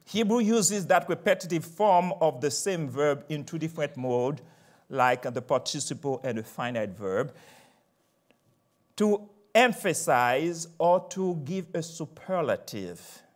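An older man preaching a sermon emphatically, moving from quiet asides to loud proclamations. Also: on the high side, lively intonation, a little slow.

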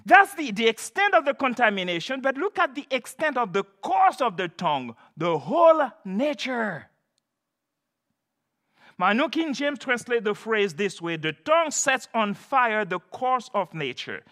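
A man's voice: very high voice, very animated, unhurried, pushed and bright. A man preaching an expository sermon, emphatic and repeating key phrases for stress.

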